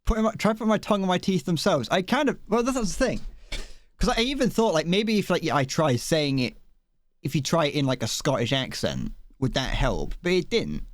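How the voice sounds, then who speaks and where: This young man from Britain talks a little fast in a fairly high, sing-song voice. He's gaming live and chatting casually into a desk mic, wandering off on tangents, making fun of himself, and laughing frequently.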